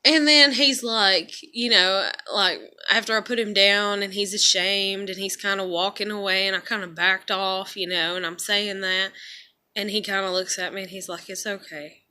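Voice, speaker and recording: A woman's voice: mid-range voice, fairly even intonation, moderate pace, sharp tone. A woman vlogger telling a personal story in a casual, rambling way, full of fillers and blunt swearing. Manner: rambling, filler-heavy storytelling with frequent "like" and "you know". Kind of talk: casual storytelling while eating.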